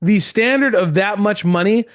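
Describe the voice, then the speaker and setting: High-voiced emphatic male sports podcaster. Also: moderate pace, no echo, studio quality. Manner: emphatic, opinionated, repeats points. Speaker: podcast co-host. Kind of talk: casual sports chat.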